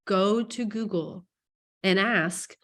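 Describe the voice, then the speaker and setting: A woman real estate coach giving a casual training presentation, chatty and joking as she rushes through her points. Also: mid-range voice, fairly bright tone.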